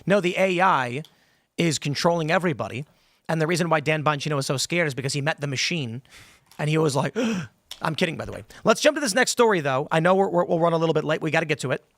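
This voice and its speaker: A man's voice: fairly high pitch, fairly bright tone, dry recording. Pushy, argumentative male talk-show host. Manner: pushy, argumentative, quick to interrupt. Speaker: podcast host. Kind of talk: casual political talk-show debate. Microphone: studio microphone.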